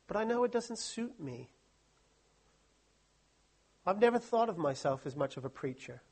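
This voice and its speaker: High-voiced joking man addressing a crowd. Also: sing-song, moderate pace, a little mellow, husky. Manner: joking, self-deprecating, chatty asides. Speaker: guest speaker at a Christian study week. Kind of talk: humorous talk to a live audience.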